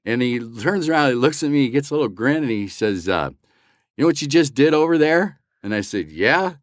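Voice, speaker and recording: A man's voice: medium pitch, fairly quick, no echo, clean studio sound. An older man, a voice actor, telling an anecdote in a casual interview and acting out the lines he quotes. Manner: animated, acts out quoted dialogue. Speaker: voice actor guest.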